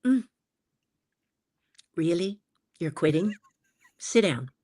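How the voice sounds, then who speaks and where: Woman doing kindly older mentor man, soft coaxing voice, lively pitch, dry close sound. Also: slow, dry recording, full character voice. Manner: soft, coaxing, playfully guilt-tripping.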